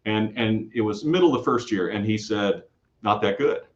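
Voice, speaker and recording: A man from the Kansas City area, a guest storyteller telling rambling, animated stories with many restarts in a casual interview. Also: on the low side, normal speed. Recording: dull lo-fi audio.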